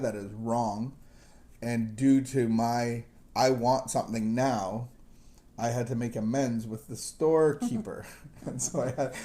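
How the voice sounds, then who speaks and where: With a dark tone at medium pitch, a man hosts a recovery talk show and tells stories in a loose, conversational way. He chuckles, restarts, pokes fun at himself, and wanders a bit; he grew up as a missionary kid, partly in Southeast Asia.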